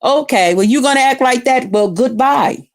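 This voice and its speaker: A woman's voice: sits high, moderate pace. Profane rambling woman streamer. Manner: profane, rambling storytelling, greeting viewers mid-story. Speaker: livestreamer. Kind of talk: casual livestream rant.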